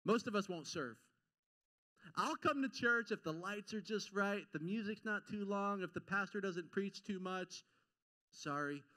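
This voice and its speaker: Speaking at a measured pace in a high register, a male pastor preaches a conversational sermon before the congregation in the sanctuary. He's animated and informal, performing quotations and poking fun at himself.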